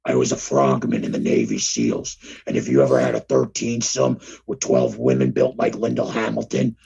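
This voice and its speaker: A man doing an impression of a boastful older ex-wrestler turned governor, in a very deep, gravelly growl, rambling through tall tales. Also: lively intonation, moderate pace, dark tone, lo-fi sound, heavily acted.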